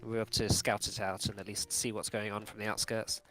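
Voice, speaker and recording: A man's voice: lowish voice, flat delivery, fast talker, fairly bright tone. A man running a tabletop game as game master, narrating with many fillers and restarts.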